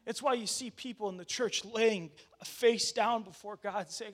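A man's voice: sits high, measured pace. A male pastor telling a personal story in a casual sermon, chatty with fillers and restarts, acting out what people said.

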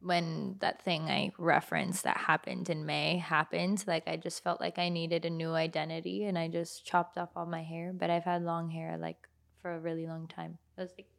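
A young woman with a lowish voice and a gravelly, fry-laden edge. She chats loosely and warmly, peppering her sentences with "like" and quick asides. A relaxed, everyday conversational delivery. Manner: chatty, with many "like" fillers and laughs. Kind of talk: casual chat.

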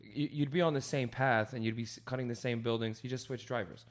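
A young man in casual chat, telling rowdy stories and swearing a lot, acting out loud quoted voices. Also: mid-range voice, fairly even intonation, fast.

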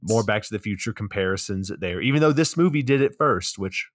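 A man with a low voice recaps a movie for a podcast, with a casual, loose delivery and offhand swearing. The sound is close and dry, with no room around it. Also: expressive, fairly quick, no room sound. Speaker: podcast co-host.

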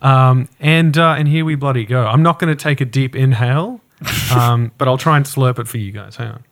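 A man's voice: medium pitch, fairly quick. Swearing, laughing Australian man. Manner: laughs often, swears freely, rants. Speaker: podcast co-host. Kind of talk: casual tasting chat.

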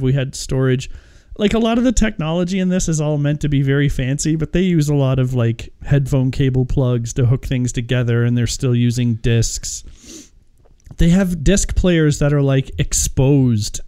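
A man co-hosting a movie review podcast, talking casually and profanely, animated and hesitant, acting out mocking quotes. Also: on the high side, clear, resonant tone. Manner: animated, mocks with put-on quotes, frequent hesitations.

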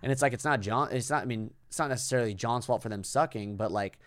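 A man's voice: medium pitch, quick pace, fairly bright tone, no room sound, clean studio sound. A man hosting a casual podcast chat who talks bluntly and gets to the point, with some swearing.

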